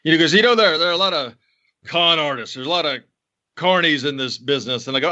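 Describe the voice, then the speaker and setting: A man co-hosting a podcast in casual chat, telling stories in an animated way with many restarts and laughs. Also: fairly high pitch, fast, lo-fi sound. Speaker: podcast co-host.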